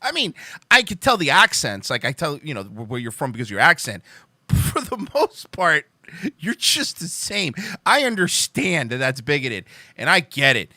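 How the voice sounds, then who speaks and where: A young man chats loosely with his live-stream viewers, rambling, swearing and laughing as he goes. His voice sits high and swings widely in pitch, with a bright edge. The sound is dry and close. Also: huge pitch swings, moderate pace, no room sound. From Cuban heritage. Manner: rambling, profane, joking, laughs often. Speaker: livestream host.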